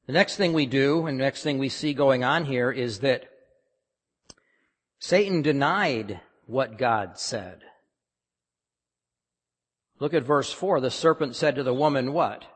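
Emphatic pastor in reverberant hall. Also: male voice, medium pitch, animated, a little slow, long pauses, breathy edge. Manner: emphatic, questioning the congregation. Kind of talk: sermon.

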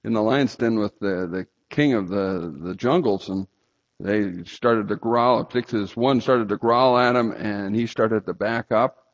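A man preaching a sermon, telling stories and sometimes breaking into loud outbursts. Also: lowish voice, normal speed. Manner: storytelling with sudden loud outbursts. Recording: slightly dull lo-fi sound.

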